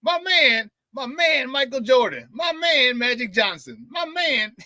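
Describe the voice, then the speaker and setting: A man doing an impression of a smooth male sportscaster who hypes up star players, drawing out and repeating a catchphrase. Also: very high-pitched, animated, unhurried, bright, forceful tone, dry recording, studio quality, pitched above the performer's own voice, full character voice. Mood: hyped.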